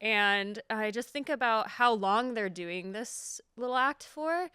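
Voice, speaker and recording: A woman DJ chatting casually on a podcast, animated and often laughing as she tells stories. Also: fairly high pitch, slow, smooth, dry recording, studio quality. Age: middle-aged. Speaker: DJ and podcast guest. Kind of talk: casual chat. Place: studio.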